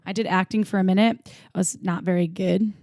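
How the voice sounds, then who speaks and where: A woman's voice: medium pitch, fairly even intonation, brisk, vocal fry, darkish tone, no echo, clean studio sound. A woman co-hosting a podcast in casual, jokey chat with frequent laughter. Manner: giggly, jokey, chatty. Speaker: podcast co-host.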